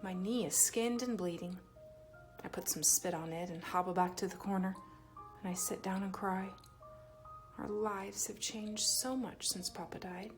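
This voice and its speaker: A woman's voice: medium pitch, measured pace, soft background music. Woman reading a children's storybook aloud. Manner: expressive, voices the child's feelings with lively shifts. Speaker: storybook reader. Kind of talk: children's read-aloud narration.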